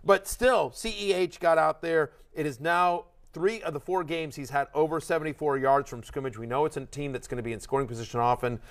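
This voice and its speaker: A man co-hosting a fantasy football show, talking in an excitable, rambling way with lots of restarts. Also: fairly high pitch, brisk, few pauses. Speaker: fantasy football analyst and co-host. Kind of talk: animated sports podcast chat. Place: studio.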